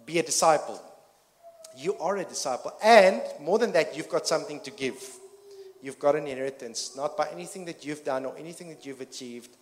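A man preaching a sermon as pastor, earnest and full of restarts and fillers, building to emphatic peaks. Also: on the high side. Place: church hall. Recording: long reverb of a church hall.

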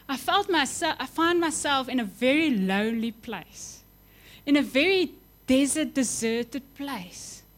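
A young adult woman preaches an impassioned sermon in a high-pitched voice. She builds to emphatic peaks, then drops to soft, quiet lines.

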